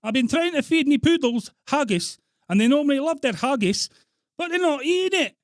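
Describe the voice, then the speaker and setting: A fussy poodle owner with a Scottish accent complains in a high, shrill, whining voice. The voice is pushed much higher and louder than plain speech. The sound is dry and close. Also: male voice, expressive, brisk, no echo. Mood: complaining. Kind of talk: prank phone call.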